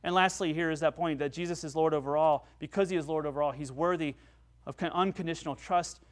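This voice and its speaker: A male pastor delivering a sermon in an earnest, emphatic way. His voice sits a little higher than most men's, and he climbs higher still when he drives home a point. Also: steady tone, fast. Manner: earnest, emphatic, with rising peaks on key points.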